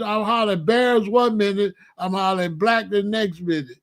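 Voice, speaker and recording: Hosting, a man with a somewhat high voice rolls through a loose comic monologue, tossing out rhetorical questions and chuckling asides. He talks at normal speed with fairly even intonation.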